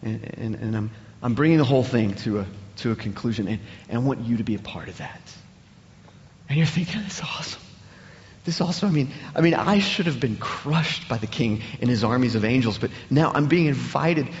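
A man preaching a sermon in an animated way, often repeating words as he builds up. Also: medium pitch, brisk, long reverb tail, lo-fi sound. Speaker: pastor.

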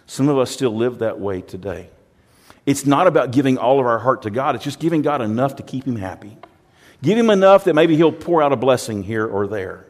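A man's voice: medium pitch, darkish tone. A male pastor preaching a sermon in a plain-spoken way, often repeating words and acting out quoted voices.

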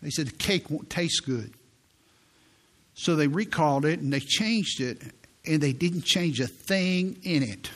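Earnest older male pastor preaching. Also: fairly high pitch. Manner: storytelling, quiet and earnest, slowing for quoted prayers. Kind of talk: sermon. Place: church sanctuary.

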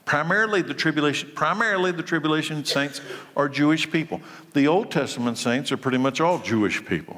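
Preacher in a reverberant hall. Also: male voice, mid-range voice. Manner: lively preaching, swings from loud to soft. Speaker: pastor. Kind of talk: sermon.

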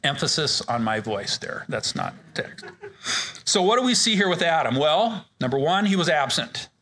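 A man's voice: fairly high pitch, sing-song, normal speed, bright, forceful tone, a little hiss or hum. A man leading a men's ministry Bible study in a casual, joking way, often restarting his sentences. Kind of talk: informal Bible study teaching.

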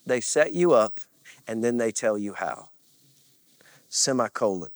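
A man's voice: on the low side, animated, measured pace, pauses often, no room sound. A man preaching as a pastor, earnest and confessional, with repeated phrases and rising bursts of emphasis. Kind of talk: sermon.

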